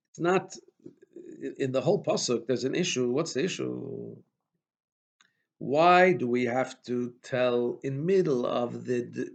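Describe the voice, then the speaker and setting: A man's voice: a little high, gravelly. A man teaching a Torah class as a rabbi, posing questions and emphatically restating verses, with many restarts. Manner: questioning, emphatic, frequent restarts and Hebrew terms.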